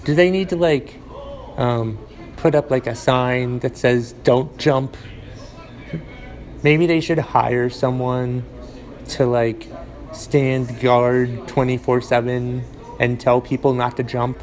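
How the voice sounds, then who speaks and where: Solo podcast host, New man, mid-pitched, rambling deadpan delivery, lots of ums and restarts. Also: slow pace, poor audio. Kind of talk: casual solo podcast monologue.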